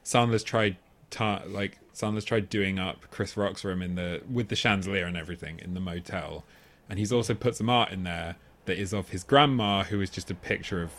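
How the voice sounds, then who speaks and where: This man's voice sits low and sounds fairly bright, moving at a normal speed. Co-hosting a film podcast, he chats casually and rambles, frequently starting over, laughing often as he talks and asking "do you know what I mean."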